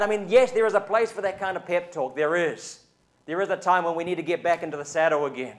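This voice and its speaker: A man's voice: a little high, fairly quick. A man with a New Zealand accent preaching a sermon at a church service, talking in a chatty way and often checking in with the congregation. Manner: conversational, often asks the congregation "right?". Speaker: pastor.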